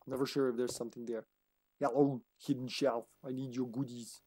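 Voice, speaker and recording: A man's voice: medium pitch, little pitch movement, a little fast, a little mellow, no echo, clean studio sound. A man streaming a video game live, chatting casually, giggling often and talking to the game and his cat. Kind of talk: casual gaming commentary.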